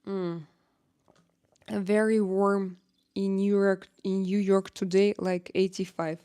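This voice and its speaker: Speaking slowly in a warm, smooth, medium-pitched voice with a level tone, a Russian-accented middle-aged woman runs a laid-back livestream chat. She reads out viewers' comments, hesitating often, using lots of filler sounds, and teasing playfully.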